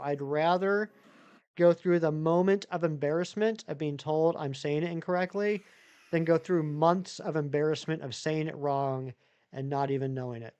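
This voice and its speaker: Male streamer, casual chat with viewers, rambling, slightly higher voice. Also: darkish tone, smooth, muffled recording. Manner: rambling, many fillers and restarts. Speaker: live streamer.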